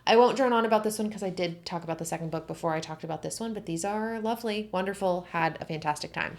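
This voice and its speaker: A young woman reviewing books in a casual, gushing chat, full of fillers and excited emphasis. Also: lowish voice, brisk, few pauses. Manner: gushing, animated, filler-heavy. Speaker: book vlogger.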